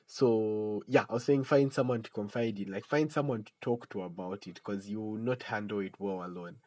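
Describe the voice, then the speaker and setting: A man hosting a casual solo podcast and giving chatty advice. He jokes as he talks, laughs at his own asides, and breaks into sudden animated outbursts. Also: moderate pace, rough recording. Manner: animated outbursts with sudden high pitch jumps. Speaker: podcast host.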